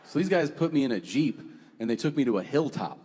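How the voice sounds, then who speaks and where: A man's voice: medium pitch, fairly quick, slightly rough. A man performing a stand-up comedy set, telling stories and acting out what people said. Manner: animated storytelling with acted-out quotes. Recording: live stage mic with hall reverb. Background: audience laughter.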